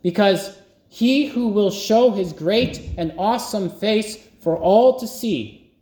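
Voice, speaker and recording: A man preaching a sermon as pastor, slow and emphatic with long pauses. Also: high voice, mellow, echoey room.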